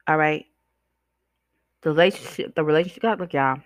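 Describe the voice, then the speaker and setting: A woman's voice: deep voice, a little fast, no room sound, studio quality. Sassy, blunt woman ranting on a podcast. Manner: blunt, sassy, profane, addresses listeners as "y'all" and "child". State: chewing gum, slightly slurred. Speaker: podcast host. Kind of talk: casual ranting monologue.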